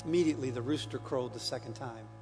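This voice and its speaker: A man giving a dramatic scripture reading, his delivery swinging from hushed to loud. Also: mid-range voice, fast talker. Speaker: scripture reader. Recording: long reverb with soft piano.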